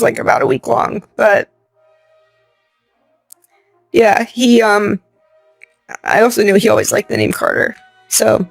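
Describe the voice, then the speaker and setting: A young woman with a gravelly, fry-laden voice recounts a personal story in conversation, voicing the people in it as she goes. The sound is dry and close, with faint music underneath. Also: medium pitch, dry recording. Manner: animated retelling, acting out quoted lines, laughing often. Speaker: interview guest.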